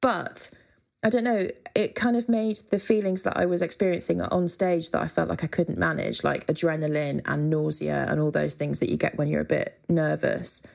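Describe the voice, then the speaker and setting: Gravelly low-voiced woman, candid. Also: fairly even intonation, normal speed, darkish tone. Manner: frank, chatty, with many fillers and casual swearing. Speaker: guest musician. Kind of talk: candid interview conversation.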